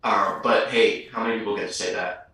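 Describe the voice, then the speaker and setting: A young man with a bright, forceful voice tells his story in an upbeat, chatty way. He sits a little back from the mic, and a strong echo surrounds him. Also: on the low side, steady tone, a little fast, vocal fry. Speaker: actor guest. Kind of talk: casual chat. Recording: very echoey, distant mic.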